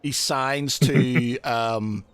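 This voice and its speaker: A man narrating a tabletop game as game master, halting often with fillers and giggling. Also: mid-range voice, steady tone, clear, resonant tone, dry recording. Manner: hesitant, many fillers and giggles.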